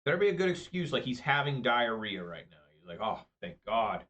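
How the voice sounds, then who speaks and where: Man, card game commentator, bright voice, swearing, exasperated. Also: medium pitch, big pitch swings, fast, lo-fi sound. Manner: profane, exasperated ranting. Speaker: online card game player. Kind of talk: live gameplay commentary.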